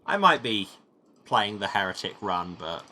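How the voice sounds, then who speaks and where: A man's voice: fairly low pitch, very animated, measured pace, background noise. A man giving chatty, joking commentary while playing a video game. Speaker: let's play host.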